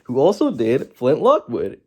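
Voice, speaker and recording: A man talks through a movie review in a loose, rambling way, often starting a word and then correcting himself. His pitch swings sharply up and down from phrase to phrase, giving the talk a lively, animated feel. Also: measured pace, breathy edge. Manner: rambling, with self-corrections and asides. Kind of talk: casual video review.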